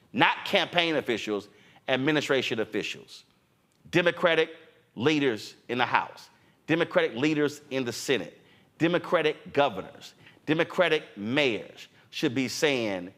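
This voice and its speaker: A man's voice: mid-range voice, lively intonation, normal speed, fairly bright tone. A middle-aged man hosting a political talk show, delivering impassioned, preachy commentary and acting out politicians' voices.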